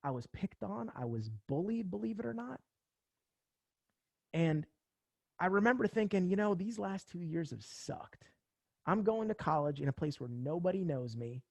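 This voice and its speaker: Young male sales coach from New Jersey; pumped-up, casual pitch, slight fry, dry recording. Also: normal speed, dry recording. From central New Jersey. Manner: energetic, casual slang, acts out phone calls. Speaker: sales trainer. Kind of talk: motivational sales talk.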